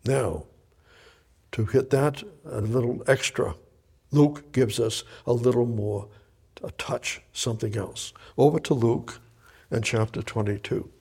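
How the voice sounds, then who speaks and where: A man teaches from the Bible verse by verse, his voice gravelly and a little husky. He speaks slowly and deliberately, rising to loud emphatic bursts and dropping to a hushed near-whisper. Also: medium pitch. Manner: reads scripture then explains it, swinging from loud emphatic bursts to hushed quiet. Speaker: preacher.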